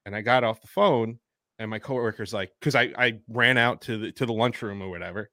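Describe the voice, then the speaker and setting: A man hosting a casual chat, talking haltingly and eagerly, like a fan. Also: on the low side, sharp tone, no echo, studio quality. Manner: halting, many fillers and restarts, fan-like. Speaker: podcast host.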